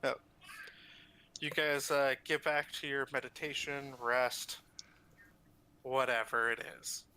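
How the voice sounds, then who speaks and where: A man's voice: medium pitch, fairly even intonation, slow, long pauses, sharp tone, clean tone, poor audio. A man narrating as game master of a tabletop game, with hesitant restarts.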